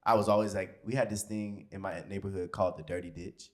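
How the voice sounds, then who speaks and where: A man's voice: low-pitched, fairly even intonation, fast talker. A man from Florida co-hosting a podcast, telling childhood stories in loose, laughing casual chat. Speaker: podcast co-host.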